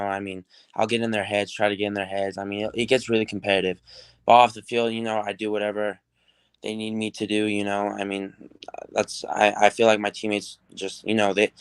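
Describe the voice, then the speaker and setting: A teenage football recruit from New Mexico, answering interview questions in an upbeat, rambling way with many fillers. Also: male voice, lowish voice, clear, resonant tone, dry recording. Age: teens.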